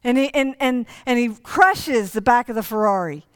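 A woman pastor preaching a sermon in church, telling a story with many restarts and rising excitement. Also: fairly high pitch, normal speed, smooth. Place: church sanctuary.

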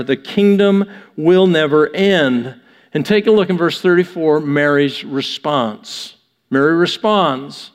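High-voiced man preaching in a hall. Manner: conversational preaching, reads scripture aloud then riffs with humor. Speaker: pastor. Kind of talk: sermon.

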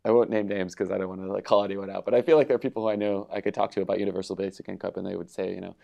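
A young man with a very deep voice with a heavy gravelly fry. He co-hosts an easygoing podcast chat and laughs often. He tosses teasing asides to the listeners. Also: fairly even intonation, rapid-fire, warm tone. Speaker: podcast co-host. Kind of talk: casual conversation.

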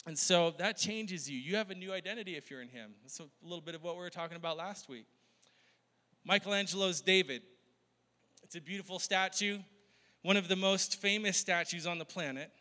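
A man's voice: sits high, fairly quick, pushed and bright. A male pastor preaching a conversational sermon, often laughing and asking the crowd questions. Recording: long hall reverb.

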